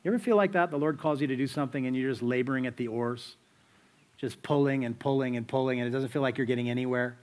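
A man's voice: medium pitch, fast, a little mellow. A man preaching a sermon in a conversational, storytelling way, full of rhetorical questions to the listeners. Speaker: pastor.

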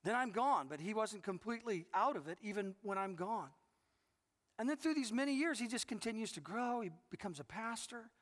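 High-voiced middle-aged male pastor preaching. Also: lively intonation, a little fast, a bit bright. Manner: earnest storytelling with repeated restarts. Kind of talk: sermon. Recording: long reverb of a large hall.

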